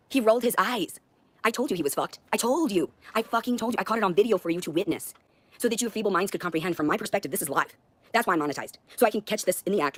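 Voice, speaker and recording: Here she speaks in a fairly low register with no echo. She's a U.S. woman in her 30s on a confrontational livestream, profane, worked up, and accusing.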